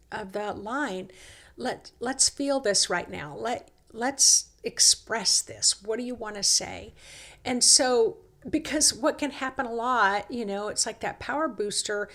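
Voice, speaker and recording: A woman talks through a reflective self-help monologue at a slow, easy pace. Her voice sits fairly high, and her manner is coaxing and unhurried. Now and then she acts out short quoted exchanges of inner dialogue. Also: fairly bright tone. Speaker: host.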